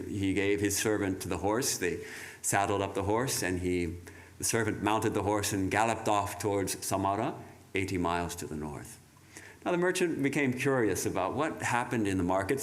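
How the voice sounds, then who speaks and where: A man giving a reflective sermon, speaking in a measured way with halting restarts. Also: low voice. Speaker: monk giving a talk.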